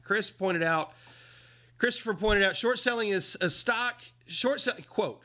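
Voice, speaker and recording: A man hosting a livestream, talking casually with indignant, emphatic commentary that swings up and down in pitch. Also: sharp tone. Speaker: livestream host.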